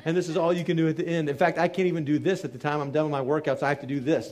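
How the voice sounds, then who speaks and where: Brief: energetic male seminar host, slightly higher voice, rallies the crowd with quick questions. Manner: energetic, pep-talk style with rhetorical questions. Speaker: chiropractor hosting a wellness seminar. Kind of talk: live motivational talk to an audience. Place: hall with a live audience.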